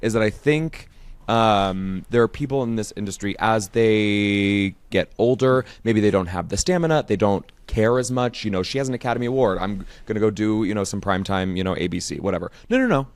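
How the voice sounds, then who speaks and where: A man's voice: on the low side, brisk, clear, resonant tone, dry recording. A man co-hosting a podcast, recapping an episode in casual, enthusiastic chat. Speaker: podcast co-host.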